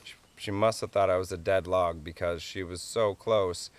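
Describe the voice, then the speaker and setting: A man with a fairly low voice walks listeners through a hands-on calling tutorial. His explanations are relaxed and homespun, and small chuckles break in often. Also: moderate pace, dry recording. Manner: easygoing, chuckles often, plain folksy explanations. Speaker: wildlife calling instructor.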